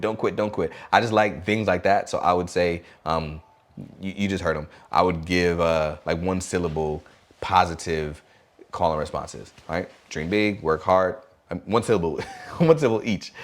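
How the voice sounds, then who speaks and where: Deep-voiced energetic man teaching teachers. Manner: energetic, animated, acts out call and response chants. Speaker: podcast host and teacher trainer. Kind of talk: podcast teaching talk.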